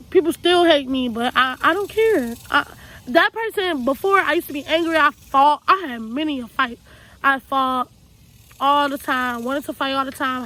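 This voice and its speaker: A young Texan woman tells her life story to camera in a high, pushed, bright voice, earnest and raw. Her loose, casual speech often circles back on itself, and the rough recording carries slight background noise.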